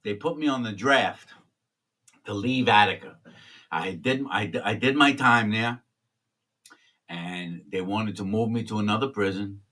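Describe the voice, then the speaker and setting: A former prisoner telling candid stories in a blunt, streetwise way, swearing freely. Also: male voice, on the low side, measured pace, long pauses, sharp tone, distant mic. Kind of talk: candid storytelling.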